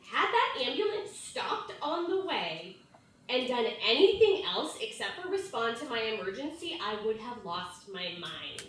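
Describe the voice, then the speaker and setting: A woman's voice: on the high side, very animated, unhurried, fairly bright tone, slight background noise. A mother in her thirties telling a personal story in a conversational sermon, full of "like" and "right?". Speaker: youth ministry speaker. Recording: echoey hall from far off, faint ambience.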